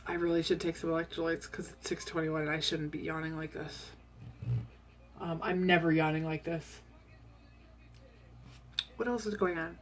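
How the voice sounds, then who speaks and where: A woman with a slightly low voice talks through her diet update in a loose, candid way. She is chatty and rambles, with plenty of ums, and she sounds like she is at home. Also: level tone, normal speed. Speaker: vlogger sharing a diet update. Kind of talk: casual chat.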